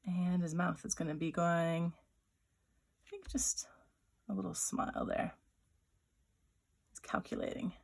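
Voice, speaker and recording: A woman with a lowish, slightly mellow voice and a breathy edge leads a drawing lesson. A writer-illustrator, she's chatty and playful, voices small sound effects, and thinks aloud as she draws, pausing and restarting.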